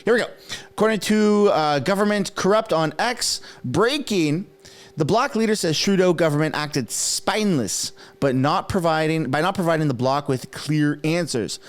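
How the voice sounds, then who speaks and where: A man in his thirties who grew up speaking French, hosting his own political commentary channel. He talks casually and excitably, mocking his targets and often bursting into enthusiasm. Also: a little high, normal speed. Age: 30s.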